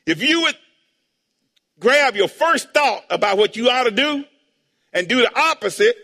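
A high-pitched male pastor preaches to his congregation, calling out for amens and answers and now and then bursting into a shout. His voice is bright and sharp, and it rings out with the long reverb of a church sanctuary. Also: animated, measured pace. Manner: call-and-response, asking the congregation for amens and answers; preaching with sudden loud shouts. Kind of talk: sermon.

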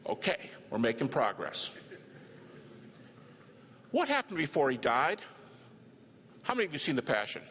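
Lively older man preaching in a hall. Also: medium pitch, normal speed, pauses often, slight background noise. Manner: emphatic, dramatic, acts out dialogue. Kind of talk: sermon with personal storytelling. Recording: reverberant hall with faint ambience.

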